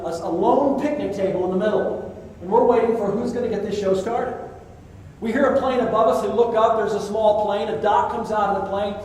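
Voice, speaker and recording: A man's voice: high-pitched, a little mellow, a little hiss or hum. An older man giving a conference keynote, telling a vivid story and acting out the other people's lines. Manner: vivid storyteller, acts out dialogue. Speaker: keynote speaker. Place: conference hall. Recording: echoey hall, distant mic.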